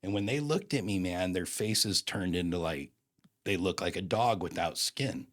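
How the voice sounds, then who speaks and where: A man's voice: deep voice, moderate pace. A man in his fifties telling a personal story in a casual, slangy, emphatic way, acting out the dialogue. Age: 50s.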